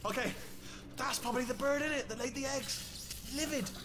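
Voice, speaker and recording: A man's voice: very high voice, fairly quick. A man voicing a chatty, nervous male robot sidekick in a video game, rambling in a jittery, conspiratorial way. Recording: noisy game audio from a distance.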